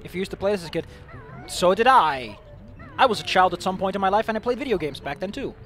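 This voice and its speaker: Male streamer, self-mocking jokester, sudden loud outbursts, slightly high voice. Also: lively intonation, fast talker. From Netherlands. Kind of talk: casual gameplay commentary. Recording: game music playing behind.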